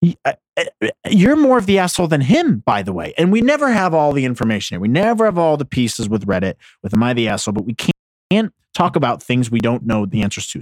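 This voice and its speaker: A podcast host with a medium-pitched voice reacts to online posts on a casual comedy podcast, offering blunt, sarcastic, profane commentary. He's on a close mic with headphones on, and the studio-quality sound has no echo.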